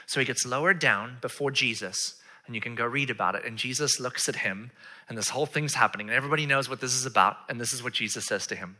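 A man preaching a sermon, telling stories with playful asides and dropping to hushed whispers for quoted lines. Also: medium pitch, fairly quick. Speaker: pastor.

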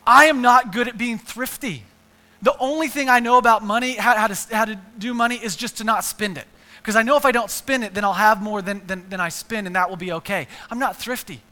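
A man's voice: high voice, bright, forceful tone, long reverb tail. A man preaching a sermon in a church, earnest and emphatic, often repeating words and building up lists. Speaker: pastor.

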